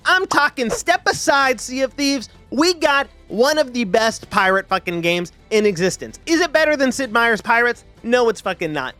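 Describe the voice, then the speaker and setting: A man hosting a gaming video, giving loose, profane commentary as he ranks games. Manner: animated, profane, swings pitch freely. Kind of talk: casual ranking commentary.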